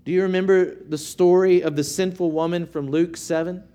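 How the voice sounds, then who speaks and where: A man preaching a sermon in an earnest, measured way, asking rhetorical questions of his listeners. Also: high voice, steady tone, mellow. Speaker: pastor.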